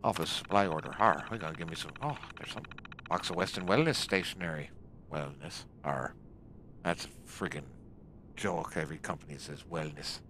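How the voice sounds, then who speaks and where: A man with a very deep voice gives casual commentary over his gameplay. He grumbles as he goes, growling "arr" and tacking "I swear" onto his remarks. Steady background noise sits under the recording. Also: moderate pace. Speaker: gaming channel host.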